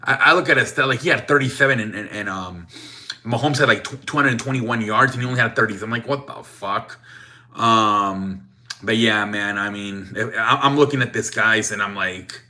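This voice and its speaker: Young dude on a sports show going off, cussing, stumbling over words, bright edgy voice. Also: male voice, lowish voice, brisk. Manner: profane, rambling, frequent restarts and "man" tags. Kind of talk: casual sports rant.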